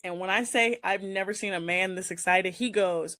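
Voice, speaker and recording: A woman hosting a casual chat show, telling an embarrassing story with animated, laughing delivery. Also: medium pitch, moderate pace, no echo. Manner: animated, laughing, shrieking at punchlines. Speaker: host.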